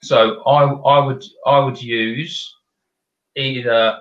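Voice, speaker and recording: A man's voice: mid-range voice, fairly even intonation, takes it slowly, roomy sound, highs cut off. A man with a South London accent, a podcast guest giving practical explanations in casual chat. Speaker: guest, video company director.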